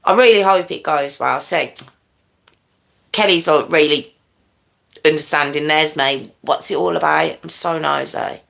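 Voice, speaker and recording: A woman's voice: sits low, measured pace, creaky, long pauses, a bit bright. A woman hosting a casual livestream, chatting with viewers and apologising often, sometimes dropping to a whisper. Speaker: livestream host. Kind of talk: casual live chat with viewers.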